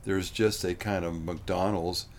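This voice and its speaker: A man's voice: low voice, fairly even intonation, takes it slowly, slight background noise. A man in casual conversation, rambling in a folksy way and often saying "man".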